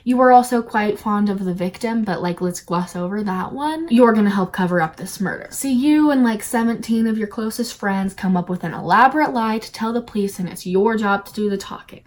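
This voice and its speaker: A woman's voice: medium pitch, brisk, hardly any pauses, faint music behind. Sarcastic, exasperated woman reviewer. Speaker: video reviewer. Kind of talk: opinionated commentary.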